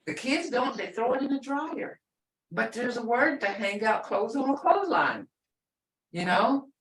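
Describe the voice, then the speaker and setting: A woman's voice: on the high side, animated, a little slow. An older woman teaching a language class, explaining patiently and repeating words, often with a laugh. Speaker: language instructor. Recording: echoey room, far from the mic.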